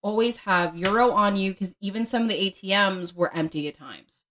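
A woman's voice: medium pitch, moderate pace, fairly bright tone. A woman from the United States co-hosting a casual chat, sharing earnest, practical advice and recalling shared stories.

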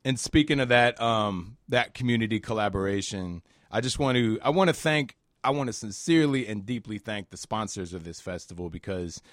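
A man being interviewed on the radio as a musician and festival organizer, talking in a relaxed, rambling way with fillers. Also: fairly low pitch, brisk, hardly any pauses, dry recording, clean studio sound.

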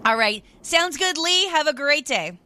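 A woman hosting a radio call-in show, brisk, cheerful and friendly as she takes callers' orders. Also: sits high, expressive, sharp tone. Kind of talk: upbeat on-air call-taking. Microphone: studio microphone.

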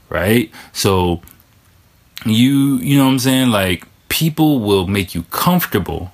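Low-voiced man, candid casual monologue. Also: animated, unhurried. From foreign resident of Japan.

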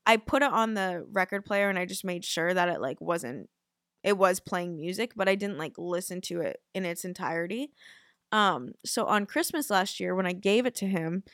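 A woman's voice: lowish voice, normal speed, fairly bright tone, no room sound. Chatty young woman, dry sound. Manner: chatty, lots of fillers, swears casually. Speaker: podcast host. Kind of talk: casual chat.

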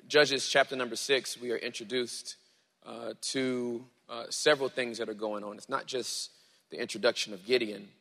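A man preaching a sermon, reading scripture dramatically and then teaching in a relaxed way. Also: mid-range voice, moderate pace, creaky, long reverb tail. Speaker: pastor.

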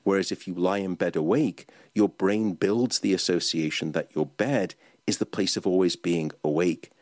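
A man, a sleep expert, giving calm, instructive advice. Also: low-pitched, moderate pace, no room sound, clean studio sound. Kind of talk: explanatory advice talk.

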